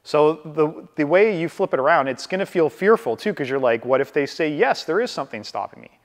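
A man's voice: a little high, brisk. Man teaching in an echoey hall. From Canada. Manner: lively, acts out dialogue, keeps checking with "right?". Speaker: real estate trainer. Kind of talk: casual training talk to a room. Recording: reverberant hall from a distance.

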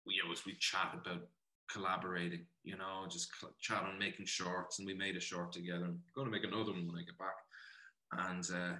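A man from Ireland giving a casual interview as an actor, animated and chatty, often saying "you know" and calling the interviewer brother. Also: low-pitched, a little fast. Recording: roomy echo.

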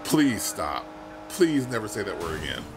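A man's voice: fairly low pitch, sing-song, moderate pace, music in the background. A man commentating a video game as he plays, bantering in a profane, playfully exasperated way. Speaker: gameplay commentator. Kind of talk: let's play banter.

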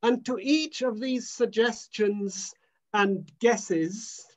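A man minister preaching a sermon in an emphatic, measured way, repeating phrases for weight. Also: high voice.

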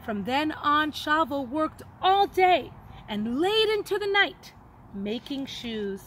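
A woman teacher reading a children's story aloud in an expressive, dramatic way. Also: high voice, slow pace, a little hiss or hum, poor audio.

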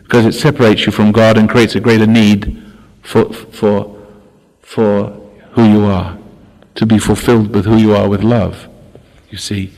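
A man's voice: lowish voice, little pitch movement, measured pace, darkish tone. An older man giving a spiritual talk, often stopping, restarting and repeating words. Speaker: spiritual teacher. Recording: long hall reverb.

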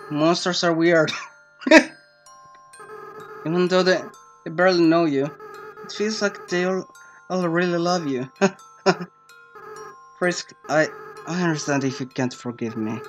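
A gamer voicing a remorseful young boy monster, reading the game's dialogue aloud in a soft, faltering way. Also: mid-range voice, low-quality recording.

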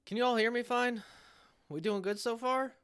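A man's voice: extremely high pitch, moderate pace, fairly bright tone, smooth, no echo, studio quality. A man live-streaming a game, cheerfully greeting viewers in chat by name while fiddling with his setup.

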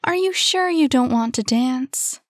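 A woman voicing an eager young woman who is dreamy and easily enchanted, speaking high and breathless. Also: lively intonation, a little slow, no echo, clean studio sound. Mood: excited. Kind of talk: audiobook character reading.

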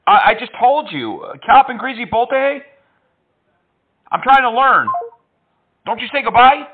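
A man's voice: very high-pitched, very animated, measured pace, background noise. A man making prank phone calls, talking in a mocking, teasing, playful way. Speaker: prank caller. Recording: tinny phone line.

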